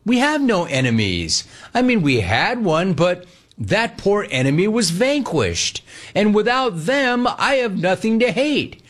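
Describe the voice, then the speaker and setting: A man hosting a sports talk radio show, animated and playful, taking calls and riffing on them. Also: sits high, measured pace. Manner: animated, playful, mocks callers' voices.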